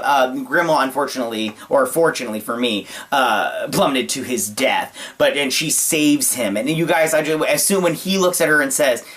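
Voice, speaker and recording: A man hosting his own channel, giving a casual spoken movie review in a gushing, excitable way, with a lot of uh and like fillers. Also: mid-range voice.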